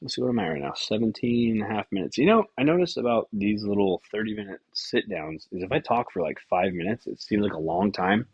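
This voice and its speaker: A man with a deep, slightly husky voice talks through a rambling solo podcast, swearing freely and losing his own thread. The sound is dry and close, a little dull and lo-fi. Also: lively intonation, a little fast, few pauses, no echo. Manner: casual, profane, scattered and self-interrupting. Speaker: podcast host.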